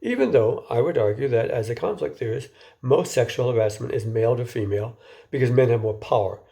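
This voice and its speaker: A man with a mellow, dark-toned voice lectures informally. He keeps his talk conversational and often stumbles into repeated words before he goes on. Now and then he turns to his listeners with a question. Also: mid-range voice, animated, fairly quick, vocal fry.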